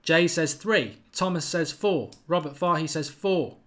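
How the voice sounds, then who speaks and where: A man's voice: on the high side, fairly bright tone. Chatty man hosting a live quiz. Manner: chatty and quick, reads out names and answers. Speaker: football channel host running a live quiz. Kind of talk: live-stream chat reading viewer comments.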